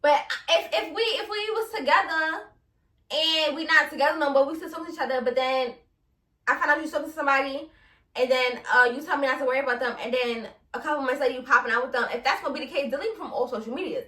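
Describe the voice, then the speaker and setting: A young woman hosts a casual solo podcast in a high, bright voice. She talks bluntly and with a lot of animation, laughing and swearing as she goes. The room is echoey and she sits a little back from the mic. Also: fast, recorded from a distance. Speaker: podcast host.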